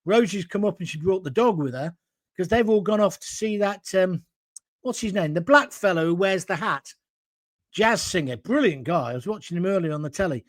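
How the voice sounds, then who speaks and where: Blunt, combative man, high voice. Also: animated, moderate pace, no room sound, studio quality. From England. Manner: blunt, combative, ranting, jokey asides. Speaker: host of a live-stream show. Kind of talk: live-stream opinion monologue reading viewer comments. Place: at home, alone.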